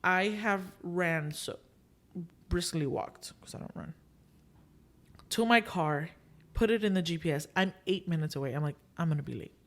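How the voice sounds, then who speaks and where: This podcast host, a young woman, retells a story in a lively, casual way, voicing the people she quotes and sprinkling in Spanish filler phrases. Her fairly low voice is unhurried, and she pauses often.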